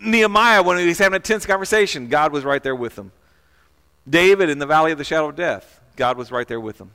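A man's voice: on the high side, animated, fast talker, gravelly, bright, forceful tone, clean tone, long reverb tail. A man preaching a sermon in a conversational way, often asking the listeners questions and repeating words as he goes. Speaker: pastor.

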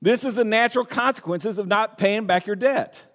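A male pastor preaching a sermon, his voice sitting high for a man. He reads scripture aloud and talks earnestly, often restarting his phrases. The sound rings with a long hall reverb. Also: moderate pace, a bit bright.

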